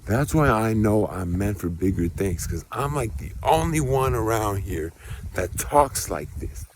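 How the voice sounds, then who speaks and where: A man's voice: fairly low pitch, animated, a little slow. A man delivering a rambling, preachy vlog monologue while walking outdoors at night, talking into his phone, with faint outdoor noise around him. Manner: rambling, preachy, grows heated and emphatic. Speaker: vlogger.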